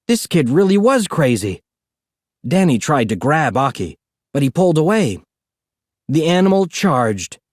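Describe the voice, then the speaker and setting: A man narrating a storybook in an expressive, animated reading. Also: a little high, no echo, clean studio sound. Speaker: audiobook narrator.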